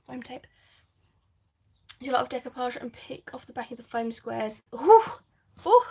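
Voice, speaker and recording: A woman's voice: on the high side, flat delivery, moderate pace, slightly rough. A woman hosting a live crafting stream, chatting casually, reading viewer comments and laughing often. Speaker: craft channel host.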